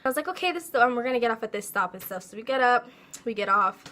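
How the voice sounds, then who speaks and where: Young woman, storytime vlog, bright forceful voice, higher pitch, animated and laughing. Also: very fast. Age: young adult. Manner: animated, laughing, acts out her own quotes. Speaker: vlogger. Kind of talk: casual storytime.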